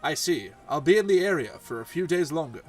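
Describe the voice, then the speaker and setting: A man's voice: a little high, animated, a little fast, a little mellow, soft background music. A man voicing a polite, earnest young noble lord in a mock British accent, reading game dialogue.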